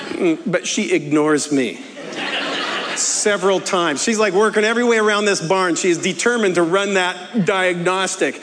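A man's voice: high voice, moderate pace, fairly bright tone. A man preaching a humorous sermon, telling a self-mocking story with frequent laughs. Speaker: pastor. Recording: echoey hall with faint ambience.

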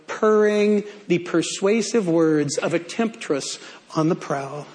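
A man's voice: fairly high pitch, slow, darkish tone. A male pastor preaching a sermon in a playful way, stretching key words out for emphasis.

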